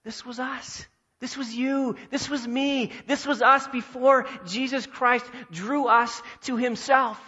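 A man's voice: very high voice, fairly even intonation, slow pace, sharp tone, husky, highs cut off. A man preaching a sermon as pastor, earnest and emphatic, repeating key phrases for weight. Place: church sanctuary.

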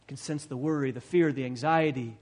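A man's voice: mid-range voice, fairly quick, a little mellow. A male pastor preaching an expository sermon, emphatic and repeating phrases for stress, recorded in a church sanctuary. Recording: long reverb of a large hall.

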